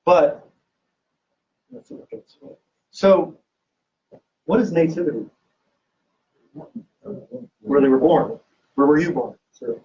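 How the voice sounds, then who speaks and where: A man lecturing to a live audience, joking, teasing and firing questions at the room. His voice sits a little high for a man. It is picked up from a distance on a dull, lo-fi recording. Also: a little mellow, slight background noise. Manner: jokey, teasing, quizzes the audience. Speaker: university archivist giving a public talk.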